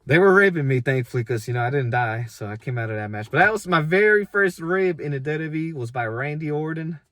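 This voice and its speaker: A man's voice: a little high, expressive, fairly quick, fairly bright tone, no room sound. Laid-back man telling a wrestling story. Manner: laid-back, self-deprecating, rambling with restarts. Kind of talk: casual storytelling.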